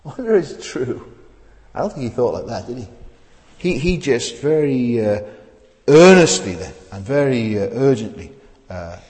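A male preacher delivers an earnest sermon, his pitch rising and falling in a lively way. He keeps asking the congregation rhetorical questions and stumbles into repeated restarts. The voice rings with the long reverb of a large hall. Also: moderate pace. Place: church service.

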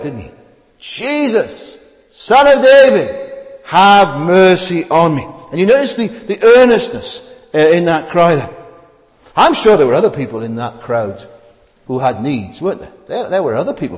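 Man preaching with lively pitch in a reverberant hall. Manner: rhetorical tag questions, repeated restarts. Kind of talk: sermon. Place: church service. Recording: long reverb of a large hall.

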